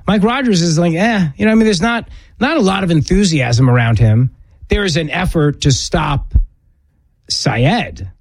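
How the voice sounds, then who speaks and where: A male talk radio host with a lively, swinging delivery and a slightly higher voice. He pushes his opinions emphatically, tumbling through quick restarts. The sound is dry and close, with no room around him. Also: no echo. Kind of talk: political talk radio commentary.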